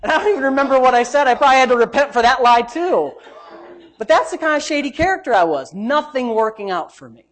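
A man preaching a sermon and telling his own story. He swings between loud, emphatic preaching and low, muttered asides, and he acts out the quoted voices. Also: animated, quick pace. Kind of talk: sermon with personal testimony.

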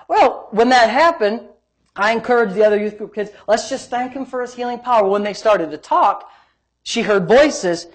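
A middle-aged man preaching, a pastor telling a healing story in an animated way, swinging between loud and soft and laughing as he talks. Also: high-pitched. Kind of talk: sermon storytelling.

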